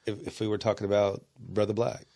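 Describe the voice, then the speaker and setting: Deep voiced guy on a podcast, kinda sleepy and rambly, cussing. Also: level tone, brisk, vocal fry, mellow. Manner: drowsy, rambling, profane. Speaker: podcast co-host. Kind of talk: casual crude banter.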